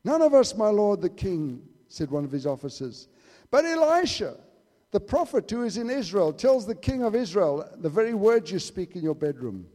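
A man preaching a sermon in church, emphatic, swinging between loud declarations and hushed asides. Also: high voice, sing-song, moderate pace, hardly any pauses. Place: church hall. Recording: reverberant hall.

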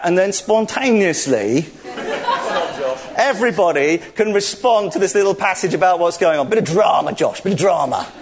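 A man preaching in a church service, telling a story with jokes and laughter while directing volunteers. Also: high voice. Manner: jokey, laughs often, animated storytelling. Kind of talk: playful interactive sermon, directing volunteers.

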